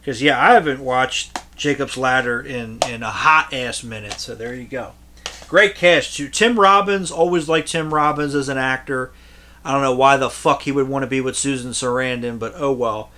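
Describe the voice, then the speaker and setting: Bright-voiced man rambling crudely. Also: mid-range voice, normal speed, slight background noise. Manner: crude, profane, digressive, laughs at own jokes. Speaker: collector reviewing his movie collection. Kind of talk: casual rambling vlog.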